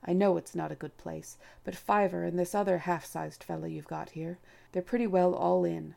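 A woman's voice: lowish voice, steady tone, normal speed, vocal fry, mellow. A woman voicing a sturdy, blunt male rabbit who speaks in a matter-of-fact way in a storybook reading.

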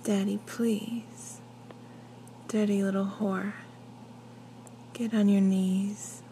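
Canadian woman, hushed close-mic whisper, unhurried, mellow tone, even delivery. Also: medium pitch, a little hiss or hum, poor audio. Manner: soft unvoiced whisper, slow and deliberate. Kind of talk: whispered accent challenge word list.

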